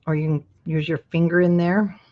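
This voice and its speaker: A woman's voice: deep voice, steady tone, fairly quick, lo-fi sound. A woman from Utah hosting a live craft tutorial, talking viewers through each step in a chatty way and breaking off into asides. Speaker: craft show host.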